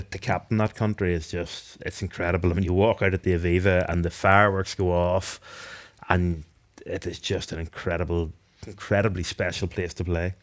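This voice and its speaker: A man from Northern Ireland with a low, deep voice and a Northern Irish accent. He answers podcast questions in a thoughtful, unhurried way, often restarting his sentences. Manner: thoughtful, with frequent restarts and fillers. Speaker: guest, retired rugby captain.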